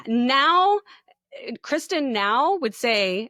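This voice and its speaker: A woman podcast co-host telling a personal story in casual chat, animated and laughing as she acts out what people said. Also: mid-range voice, normal speed, no room sound, clean studio sound.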